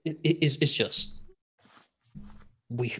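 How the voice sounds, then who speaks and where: A man's voice: mid-range voice, takes it slowly, fairly bright tone, breathy edge. A man player chatting in a tabletop game, hesitant and stammering as he restarts his thoughts. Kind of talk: casual chat in a tabletop game.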